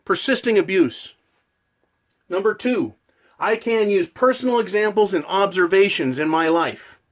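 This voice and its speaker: Guy ranting hard, loud and passionate, swears a lot, voice a bit high. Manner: forceful, passionate, profane. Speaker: channel host. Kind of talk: ranting monologue.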